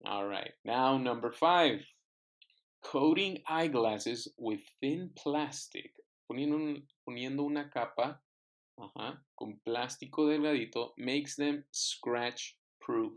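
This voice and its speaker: A man's voice: medium pitch, takes it slowly. A man teaching an English class, patiently repeating words and phrases for his students to echo. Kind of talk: online classroom lesson.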